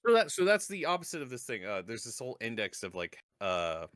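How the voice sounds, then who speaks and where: A man's voice: mid-range voice, big pitch swings, brisk, fairly bright tone, dry recording, studio quality. A man co-hosting a casual podcast, talking in a hesitant, stammering way as he sympathizes and muses. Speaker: podcast co-host.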